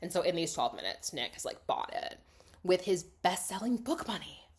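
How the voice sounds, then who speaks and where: A young woman casually recapping a film plot, chatty and full of "like", swinging between excited bursts and hushed asides. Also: fairly low pitch, moderate pace.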